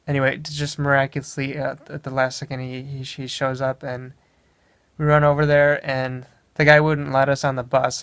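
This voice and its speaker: A young man from Wisconsin tells a travel story in a casual, rambling way. His voice stays flat, with a gravelly, creaky edge, recorded close and dry. He often breaks off mid-sentence to correct himself. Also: mid-range voice, no echo. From Wisconsin, USA. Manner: meandering, self-correcting anecdote telling. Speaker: vlogger.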